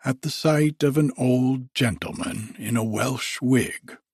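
Slow, husky man reading a story aloud. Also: medium pitch, darkish tone, no echo, studio quality. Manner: slow, measured delivery. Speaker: narrator.

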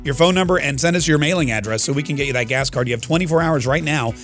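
A man's voice: fairly high pitch, fast talker, fairly bright tone, faint music behind. A man hosting a podcast, talking in a brash, rambling, mocking way about politics and a giveaway. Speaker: podcast host. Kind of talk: political talk and giveaway segment.

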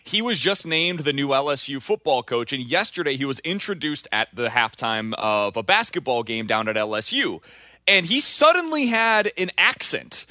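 Opinionated guy co-hosting sports radio, bright voice, dry studio. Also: medium pitch, animated, moderate pace, few pauses, no echo. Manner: opinionated, emphatic. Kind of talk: casual sports talk.

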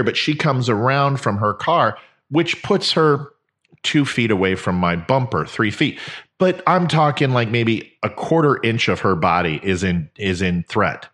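A man hosts a podcast in a storytelling monologue, his pitch rising and falling widely from line to line. He slips into the lines of the people in his story as he talks. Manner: animated, acts out quoted dialogue. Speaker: podcast host.

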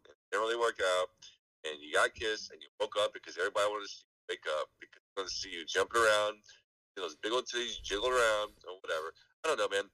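Brief: male podcast co-host on a heated, profane rant, very bright and tense tone, dry sound from a distant mic. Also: medium pitch, dry recording. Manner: profane, heated, sarcastic ranting.

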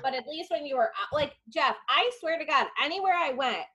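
A woman's voice: high-pitched, expressive, brisk, pushed and bright. A young adult woman from upstate New York, chatting casually with friends in an emphatic, rambling way. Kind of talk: casual chat among friends.

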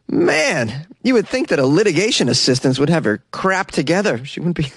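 A man's voice: fairly high pitch, very animated, fairly quick, creaky, husky, no room sound, clean studio sound. A man from the United States reading weird news stories aloud and mocking them with sarcasm, laughing often between lines. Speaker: news commentary host. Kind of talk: casual news commentary.

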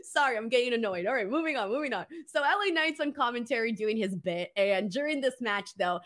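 A woman hosting a casual live-stream wrestling show, talking in an animated way, laughing often and swearing casually. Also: fairly high pitch, brisk.

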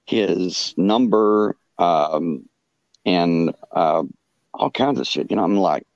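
A man with a very low voice tells a story as a podcast guest, stopping and restarting, with fillers in almost every phrase. The sound is dry and close, with a muffled, lo-fi tone. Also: lively intonation, gravelly, no room sound. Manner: halting, full of "you know" fillers and restarts. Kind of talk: casual storytelling.

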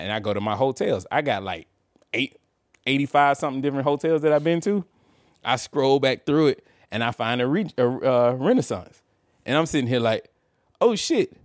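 A man's voice: on the low side, no echo, clean studio sound. A man, co-hosting a podcast and telling a casual story, laughing and acting out what people said. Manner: animated, laughing, acts out quotes. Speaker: podcast co-host.

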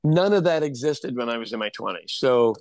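A man's voice: mid-range voice, expressive, brisk, a little mellow, no echo. A man, a chef, telling candid, self-deprecating stories in a casual podcast chat. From Kansas City area, USA.

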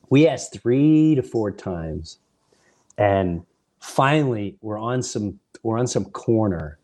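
A man hosting a podcast, telling animated, rambling off-the-cuff stories that wander off on side paths. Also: fairly low pitch, slow. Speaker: podcast host, comedian. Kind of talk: off-the-cuff storytelling.

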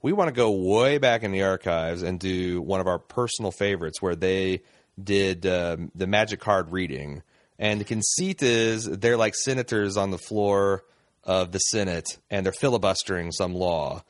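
A man's voice: low voice, normal speed, dry recording, studio quality. A man co-hosting a podcast, chatting casually in a rambling way full of fillers. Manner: rambling, frequent fillers and laughs. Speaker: podcast co-host.

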